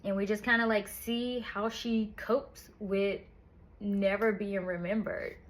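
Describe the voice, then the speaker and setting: A woman's voice: mid-range voice, little pitch movement, slow pace. A woman in a casual book review chat, retelling the story in a chatty, profane way with lots of "like".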